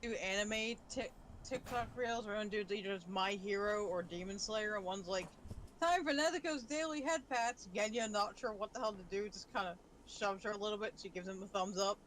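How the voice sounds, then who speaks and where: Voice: medium pitch, flat delivery, brisk, fairly bright tone, slight background noise. Chatty gamer explaining anime lore. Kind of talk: casual gaming stream chat.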